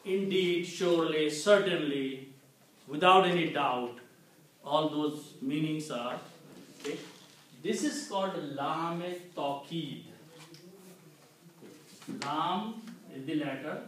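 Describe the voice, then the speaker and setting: A man teaching a classroom Quran lesson, explaining slowly and checking in with "okay" as he repeats each point. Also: on the high side, a bit bright. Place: community center classroom. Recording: very echoey room, distant mic, faint noise.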